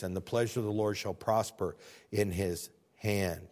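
A man preaching a sermon and reading scripture aloud, swinging between quiet low musing and loud, emphatic, high-pitched preaching. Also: steady tone, moderate pace. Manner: reads scripture aloud in old-fashioned wording.

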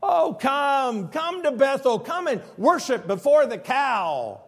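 A man voicing God as a scornful, sarcastic deity mocking false worshippers, calling out loudly. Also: very high voice, big pitch swings, slow, pitched above the performer's own voice, full character voice.

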